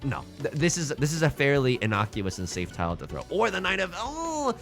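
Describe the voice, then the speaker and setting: A young man narrates his mahjong game live for his chat, cracking jokes and hyping up good tiles. His voice sits a little high, swoops widely and has a bright, forceful edge. Faint music plays underneath. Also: a little fast. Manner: jokey, animated, talks to chat and reacts loudly to tiles. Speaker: Twitch streamer. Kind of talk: casual live-stream commentary while playing mahjong.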